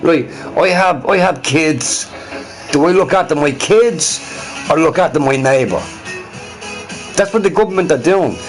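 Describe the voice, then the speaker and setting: A man's voice: on the high side, a little slow, pauses often, faint music behind. A man hosting a casual livestream, talking heatedly to his chat and repeating his points. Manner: talks to chat viewers directly; heated, scornful. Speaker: livestream host.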